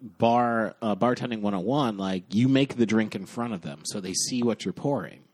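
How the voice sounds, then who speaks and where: A man in casual chat, reacting to a story and chiming in with quick remarks. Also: lowish voice.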